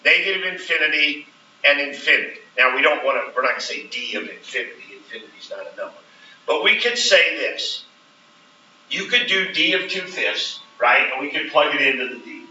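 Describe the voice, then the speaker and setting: A man teaches a classroom, walking the students through each step and checking in with them again and again. His voice is very bright and sharp, picked up from across a roomy classroom. The recording sounds dull and slightly muffled, with faint hiss underneath. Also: a little high, lively intonation, brisk, far from the mic. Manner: explains step by step, checks in with frequent "right?". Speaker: math teacher. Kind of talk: classroom lecture.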